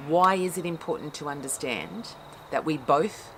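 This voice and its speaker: A woman with a low voice explains her ideas in a casual, blunt talk. She acts out the quoted outbursts with gusto. A faint hiss sits under the recording. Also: lively intonation, normal speed, a bit bright, low-quality recording. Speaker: therapist explaining trauma.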